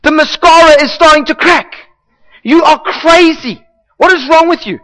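A man's voice: extremely high pitch, moderate pace, pushed and bright, voice pushed up, heavily acted, low-quality recording. A man playing a demanding husband who stands for the law, scolding and never satisfied. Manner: nagging, scolding, exasperated.

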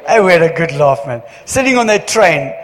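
A man giving church notices as pastor, chatty and joking, with halting restarts. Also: a little high, very animated. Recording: long hall reverb.

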